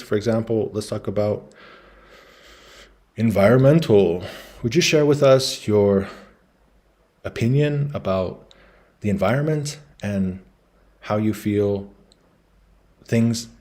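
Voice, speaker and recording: A man explaining business concepts in a relaxed lecture, talking through slides and acting out quoted voices in his anecdotes. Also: on the low side. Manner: casual storytelling, acts out quoted voices.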